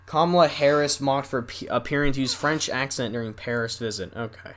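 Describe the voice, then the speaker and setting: A young man hosting a solo podcast, rambling casually and reading news stories aloud haltingly with asides. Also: medium pitch, fairly bright tone, a little hiss or hum. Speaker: podcast host.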